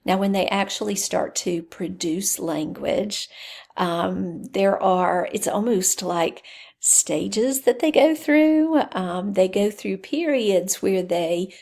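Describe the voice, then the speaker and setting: Female lecturer, unhurried and explanatory, with noticeable vocal fry. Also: medium pitch, lively intonation, darkish tone. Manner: explanatory, with fillers. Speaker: teacher. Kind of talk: recorded lecture.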